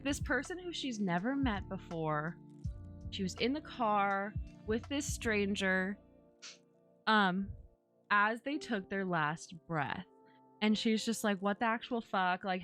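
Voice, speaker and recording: A woman's voice: mid-range voice, a bit bright. Rambling young woman streamer. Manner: rambling, many fillers and restarts, earnest. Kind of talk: casual chat while streaming.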